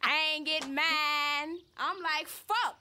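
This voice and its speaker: A brash, cussing Atlanta gossip. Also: female voice, high-pitched, fairly even intonation, takes it slowly, background noise. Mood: indignant. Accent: Atlanta Southern. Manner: loud, cussing, boastful storytelling. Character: brash, crude young woman gossiping to a friend.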